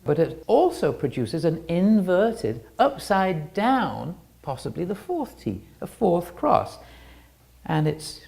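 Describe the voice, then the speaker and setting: A woman's voice: fairly low pitch, sing-song, slow, vocal fry, mellow. A woman giving an illustrated talk with slides, explaining step by step and often restarting her sentences. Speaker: presenter.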